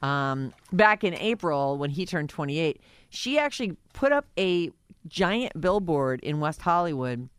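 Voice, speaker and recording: A woman hosting a radio show, chatting casually and gossiping with an animated, laughing delivery. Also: low-pitched, a little slow, clean tone, dry recording. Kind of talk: casual morning-show chat.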